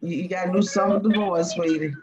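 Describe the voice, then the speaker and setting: A woman with a Cajun accent hosting a casual live stream, rambling in a folksy way with drawn-out fillers. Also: on the low side, fairly even intonation, muffled recording, over loud music. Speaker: live-stream host reading cards.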